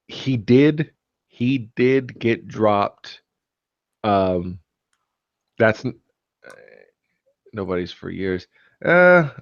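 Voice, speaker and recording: A man's voice: lowish voice, no room sound, lo-fi sound. A man hosting a casual live stream chat, rambling with many fillers and restarts. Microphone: computer mic on a live stream.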